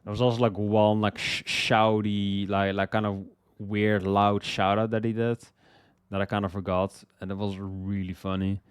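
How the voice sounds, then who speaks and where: A young man talks through his favorite songs in a loose, rambling way, restarting phrases and leaning on "like" and "you know." His voice sits fairly low and comes through clear and smooth. The recording is dry and close, with no room sound. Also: flat delivery, normal speed, no room sound. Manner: rambling, repeats words, fillers like "like" and "you know". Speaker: music reviewer. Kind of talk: casual spoken song review.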